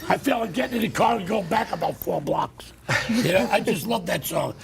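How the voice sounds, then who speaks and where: A middle-aged man hosting a talk show, telling stories in a blunt, loud, animated rant. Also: sits high, a little fast, creaky, soft background music. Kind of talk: casual ranting monologue.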